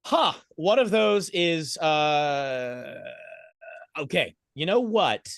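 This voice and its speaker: A man's voice: on the high side, very slow, no echo, clean studio sound. A man narrating as game master of a streamed tabletop game, rambling and correcting himself as he goes. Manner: animated, rambling, self-correcting.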